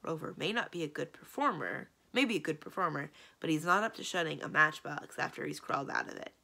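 A woman reading aloud and voicing a blunt, loyal male ogre servant in a low, gruff voice. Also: a little fast, heavily acted. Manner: low, flat, common-spoken.

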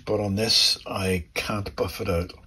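A man's voice: fairly low pitch, steady tone, a little slow, bright, forceful tone, slight background noise, poor audio. A middle-aged man working as a luthier, chatting through each step of a guitar setup in his workshop. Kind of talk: workshop demonstration to camera.

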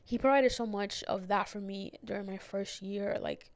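A woman's voice: mid-range voice, steady tone, normal speed, dry recording. A young woman hosting her own podcast, rambling through a personal story with lots of fillers and restarts, close to tears. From immigrant who moved to the United States as a child. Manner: rambling, many fillers and restarts, gets emotional. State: tearful, near crying. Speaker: podcast host. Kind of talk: personal reflective monologue.

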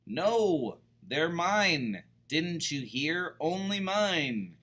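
A man voicing a greedy, selfish male pug dog in a picture-book reading, grumbling and shouting possessively. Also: mid-range voice, expressive, slow, heavily acted. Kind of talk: picture book read-aloud.

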